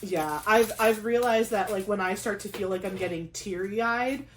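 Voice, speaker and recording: A young woman chatting casually on her craft vlog, talking fast with lots of "like" and quick asides. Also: medium pitch, a little hiss or hum. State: pregnant. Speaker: craft vlogger. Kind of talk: casual chat.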